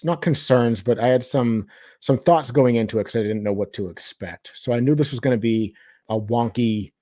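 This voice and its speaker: A man's voice: on the low side, warm tone, no room sound. Male podcast host, casual chat, rambling, restarts a lot, dry close sound. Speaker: movie review podcast host.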